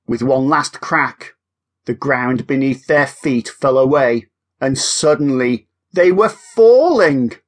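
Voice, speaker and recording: A man narrating a children's audiobook in a lively, expressive way. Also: medium pitch, slow pace.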